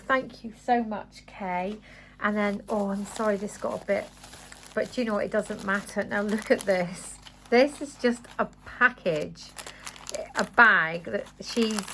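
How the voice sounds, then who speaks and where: A woman vlogging about craft supplies in a casual, excitable, gushing way. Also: mid-range voice. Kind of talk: casual unboxing chat.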